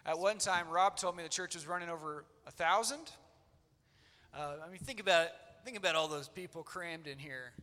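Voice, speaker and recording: A man's voice: on the high side, normal speed, bright, forceful tone. A man in his thirties preaching a sermon in an old church, earnest and conversational with loose fillers. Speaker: pastor. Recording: long church-hall reverb.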